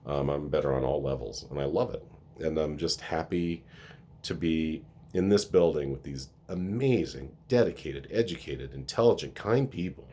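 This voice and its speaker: A man's voice: extremely low pitch, moderate pace, darkish tone, breathy edge. A man who works at a school, talking earnestly and with emotion in a casual vlog, often restarting his sentences. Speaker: school staff member.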